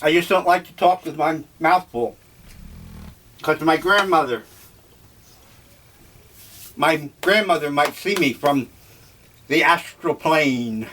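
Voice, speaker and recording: An older man muses aloud over his breakfast, drifting from one thought to the next. He takes his time, drawling his words, and his voice sits somewhat high for a man. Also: a bit bright. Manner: slow, musing, eccentric. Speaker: vlogger. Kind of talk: rambling breakfast monologue.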